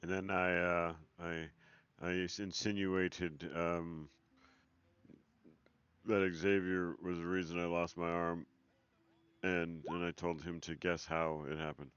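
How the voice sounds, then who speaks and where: A man's voice: sits low, flat delivery, slow, a bit bright, clear, resonant tone, dry recording, muffled recording. A blunt man playing a tabletop game, swearing freely in casual talk. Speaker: player. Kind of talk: casual in-character chat.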